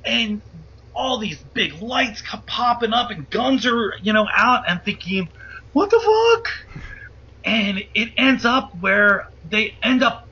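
High, tense husky man telling a story. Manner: animated, profane, acts out quoted voices. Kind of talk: animated casual storytelling. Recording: muffled lo-fi audio.

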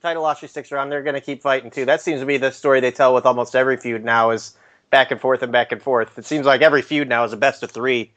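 A man's voice: mid-range voice, fairly even intonation, fast talker, fairly bright tone, no room sound. A man talking thoughtfully as a panelist on a casual podcast, with chuckling asides.

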